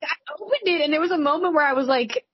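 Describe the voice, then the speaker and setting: A woman's voice: sits high, fast, dry recording, lo-fi sound. A woman in her forties, a podcast co-host, telling candid stories in casual chat, full of "like" and swearing. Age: 40s. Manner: candid, swearing, storytelling with lots of "like".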